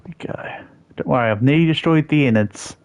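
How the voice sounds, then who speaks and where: Brisk and slightly mellow at medium pitch, a young man chats casually on a livestream of a building game. He responds to viewers with self-deprecating jokes; the recording is a bit dull, with faint music behind it.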